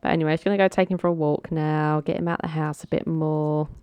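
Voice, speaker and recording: Chatty low-voiced woman gamer. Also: little pitch movement, fast, a little mellow, clean tone, no echo. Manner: chatty, coaxing her game characters, giggles often. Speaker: gaming channel host. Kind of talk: casual game commentary.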